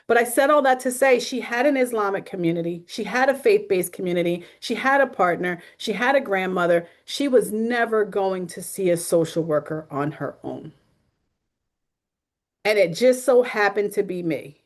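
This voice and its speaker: A woman's voice: mid-range voice, moderate pace. A woman social worker speaking as a guest on a video call, telling stories with humor and a frank, realistic manner. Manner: lively storytelling with acted quotes. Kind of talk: webinar talk.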